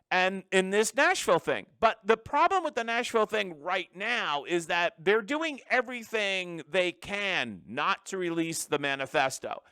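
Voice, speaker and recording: A man's voice: sits high, bright, forceful tone, no echo, clean studio sound. A man hosting a solo political commentary show, talking in an emphatic, opinionated way. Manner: emphatic, opinionated, with frequent restarts.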